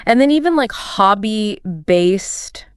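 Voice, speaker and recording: Very clear-voiced woman podcast co-host. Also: mid-range voice, expressive, slow, no echo, clean studio sound. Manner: enthusiastic, agreeable, frequent "like" fillers. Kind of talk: casual chat.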